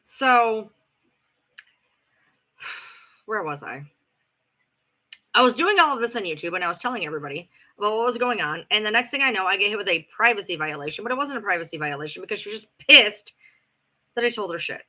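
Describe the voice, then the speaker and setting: A woman's voice: mid-range voice, lively intonation, brisk, long pauses, sharp tone, poor audio. A woman hosting a livestream, telling a story in a blunt, sarcastic and profane way. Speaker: livestream host. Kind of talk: ranting livestream chat.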